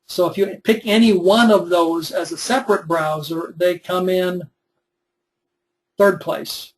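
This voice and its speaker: Webinar instructor: young man, high voice, casual step-by-step explaining. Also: fairly even intonation, a little slow, low-quality recording. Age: 20s. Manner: conversational, explains step by step with fillers. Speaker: web development instructor. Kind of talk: recorded webinar demonstration.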